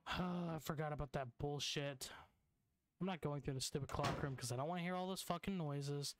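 A man's voice: a little high, normal speed. Frustrated swearing young man gaming. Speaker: gamer streamer. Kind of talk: let's play commentary. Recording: noisy home recording.

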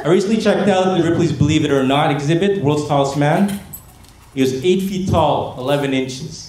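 A man's voice: on the high side, fairly quick. Man doing stand-up in an echoey hall. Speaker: stand-up comedy student. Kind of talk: stand-up comedy set. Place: gala stage before a laughing audience. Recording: echoey hall with audience noise.

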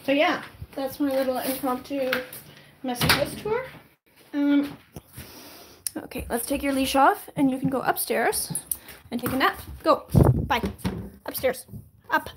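A woman hosting a casual livestream from home, talking to her puppy in a high sing-song voice as she walks her in and out of the garden. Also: unhurried, pauses often, heavy background noise. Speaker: livestream host. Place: at home, moving indoors and out to the garden.

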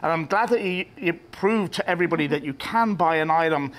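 A man with a slightly raised pitch hosts a cooking show, full of admiring, effusive praise for the food. He speaks like a chef presenting to an industry audience. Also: fairly quick, a bit bright. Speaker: chef host.

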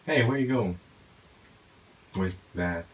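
A man with a very deep voice talks his way through a game, muttering to himself and breaking into sudden excited outbursts. A faint hiss sits under the recording. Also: slow, low-quality recording. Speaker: gaming YouTuber. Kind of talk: casual gameplay commentary.

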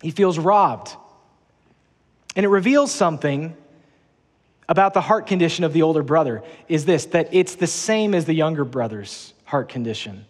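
A man's voice: on the high side, animated, normal speed, big-room sound. A man preaching a sermon as pastor in a large church auditorium, earnest and emphatic, repeating his key phrases.

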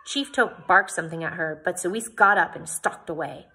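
A woman's voice: fairly low pitch, moderate pace, pushed and bright, husky. A woman reading a novel aloud, narrating expressively in the first person and chatting briefly at the end. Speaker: audiobook reader.

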